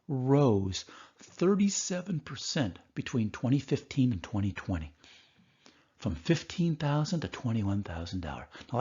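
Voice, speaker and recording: A man who is a doctor, giving a recorded course lecture and telling a story from his work with animated voices. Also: mid-range voice, slightly rough, highs cut off.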